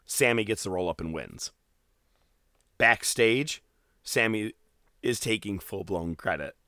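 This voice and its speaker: A man tells stories with animated energy, slipping into quoted voices and swearing freely. His voice is bright and forward. The recording is dry and close, with no room sound. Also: lowish voice, measured pace, dry recording. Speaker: podcast co-host. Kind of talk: casual wrestling recap chat.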